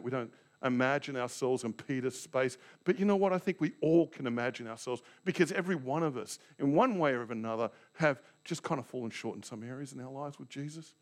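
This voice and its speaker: A man's voice: mid-range voice, a little mellow. A man preaching a sermon as a Baptist pastor, telling the story dramatically and acting out the scenes.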